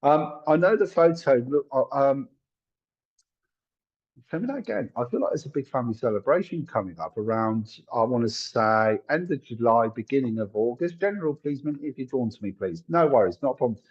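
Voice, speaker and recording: Husky-voiced man, chatty psychic. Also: mid-range voice, moderate pace, highs cut off. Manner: chatty, apologetic, thinks aloud with many fillers. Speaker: psychic medium. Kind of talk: live-streamed psychic reading.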